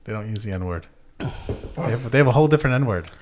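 A man's voice: mid-range voice, expressive, fast, noisy background. A man co-hosting a comedy podcast, wry and self-mocking, often laughing. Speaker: podcast co-host. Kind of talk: casual comedy chat.

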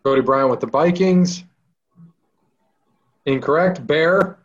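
A man hosting a casual sports trivia game on a podcast, running the rounds briskly and upbeat. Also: on the high side, lo-fi sound. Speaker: trivia quiz host.

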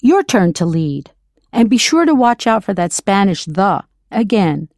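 Woman, language teacher, scripted lesson, patient, spells out words, animated pitch, dry sound. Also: measured pace, no room sound.

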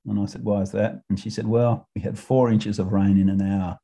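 A man's voice: fairly low pitch, fairly even intonation, a little fast, creaky, mellow, breathy edge. An Australian man co-hosting a coaching podcast, telling stories in a chatty way, swearing freely and laughing often. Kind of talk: casual chat.

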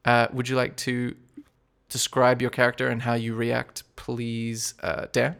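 A man narrating as game master in a relaxed way, laughing often between lines. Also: medium pitch, a little slow, creaky, smooth. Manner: relaxed, chuckling narration with fillers.

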